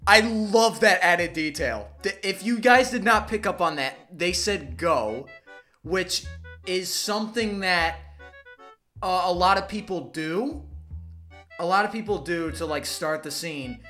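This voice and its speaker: A man's voice: high-pitched, lively intonation, measured pace, sharp tone, soft background music. Rambling young man reacting to a video. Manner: rambling, lots of likes and uhs. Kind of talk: casual reaction commentary.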